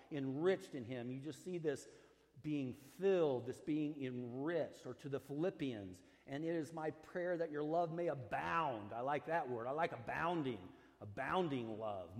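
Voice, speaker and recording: Warm-toned pastor preaching in a reverberant hall. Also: male voice, a little high. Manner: earnest, stresses key words, stretches them out; conversational, with fillers and asides. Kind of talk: sermon.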